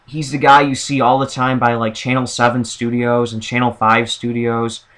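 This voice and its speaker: A man's voice: mid-range voice, level tone, normal speed, a bit bright. A man vlogging a casual, opinionated monologue, rambling with many fillers and restarts.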